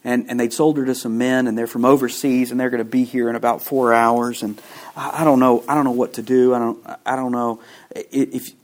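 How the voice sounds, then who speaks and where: A man's voice: mid-range voice, level tone, a little fast, close to an everyday voice. A man voicing a frightened young woman on the phone, stammering and distraught as he tells the story in a sermon. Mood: panicked. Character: frightened young woman caller, crying and panicking.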